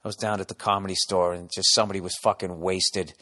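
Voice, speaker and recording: A man's voice: low-pitched, level tone, fast, pushed and bright, in a large hall. A man hosting a comedy podcast, talking in a blunt, rambling monologue with constant swearing. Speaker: podcast host.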